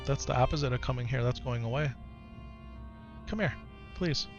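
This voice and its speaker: A man in his thirties at home, talking gently and patiently to his young son, then chatting casually with his live-stream viewers. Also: medium pitch, moderate pace, muffled recording. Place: home, in the morning. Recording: clear background music under voice. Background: music.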